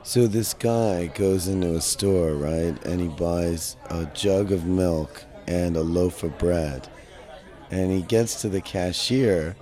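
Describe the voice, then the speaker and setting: A man telling a short joke in a slow, drawn-out way. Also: sits low, darkish tone.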